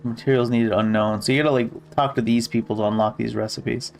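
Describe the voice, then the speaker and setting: A man chatting casually while he plays, reading menus and dialogue aloud in an easygoing, offhand way. His voice has a gravelly edge at a middle pitch. Faint game music sits behind him. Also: steady tone, fast. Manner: laid-back, swears casually, reads game text aloud. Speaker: gamer. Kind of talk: casual gameplay commentary.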